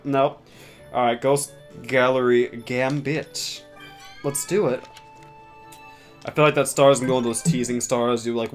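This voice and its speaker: Chatty, sarcastic young man streaming. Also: medium pitch. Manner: chatty, sarcastic, swears often, mock-dramatic asides. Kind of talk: casual gameplay commentary.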